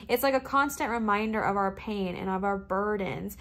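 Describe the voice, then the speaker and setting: A young woman giving an earnest tarot reading to her viewers, speaking in steady, repeated affirmations. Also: medium pitch, normal speed, hardly any pauses. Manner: earnest, repetitive affirming cadence. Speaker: tarot reader. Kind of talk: tarot pick-a-card reading.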